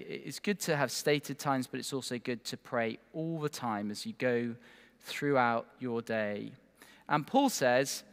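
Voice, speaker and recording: A man preaching a sermon, earnest and emphatic, with rhetorical asides to the congregation. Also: mid-range voice. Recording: long hall reverb.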